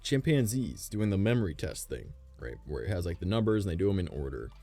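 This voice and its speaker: A deep, gravelly male streamer talks casually at home, drifting from thought to thought and cursing freely. His pitch rises and falls a lot as he goes, with faint music underneath. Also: very animated, a little fast, mellow. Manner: rambling, swears a lot, speculative. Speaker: livestreamer.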